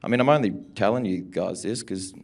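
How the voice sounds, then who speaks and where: A man's voice: lowish voice, fairly quick. A young man doing a stand-up set in a comedy club, laid-back and mumbly, swearing often.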